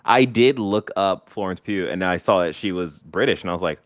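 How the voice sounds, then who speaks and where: A man with a low voice, recorded dry and close, chats casually about a film. He hesitates, repeats himself and uses plenty of fillers, laughing easily along the way. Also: normal speed, fairly bright tone, no echo. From United States. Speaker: podcast co-host. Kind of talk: casual review chat.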